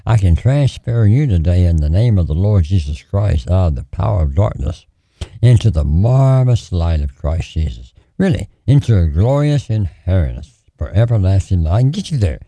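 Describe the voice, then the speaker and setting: On a radio show taking prayer calls, a male preacher speaks in a low, dark, mellow voice whose pitch rises and falls widely as he prays and preaches. His pace is moderate, and he pleads and repeats phrases in a steady preaching rhythm. The studio recording is close and dry, with no echo.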